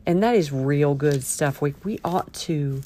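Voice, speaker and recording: Playful, lower-voiced woman host. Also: unhurried, slight background noise. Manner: playful and quirky, swinging between loud cheer and near-whisper. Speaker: podcast host. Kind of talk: upbeat solo podcast talk.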